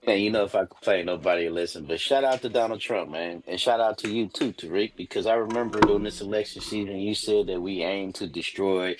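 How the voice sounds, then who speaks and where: A man from the Bay Area calls in to a talk stream with a somewhat low voice. He talks in a loose, laid-back ramble, handing out shout-outs as he goes. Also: brisk, hardly any pauses, very noisy. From San Francisco Bay Area. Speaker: caller. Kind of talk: casual call-in chat.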